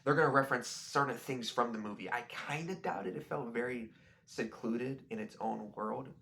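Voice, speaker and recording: Gravelly young man rambling about a movie. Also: mid-range voice, moderate pace, bright, forceful tone. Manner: rambling, restarts sentences often. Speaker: video creator. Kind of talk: casual rambling movie review.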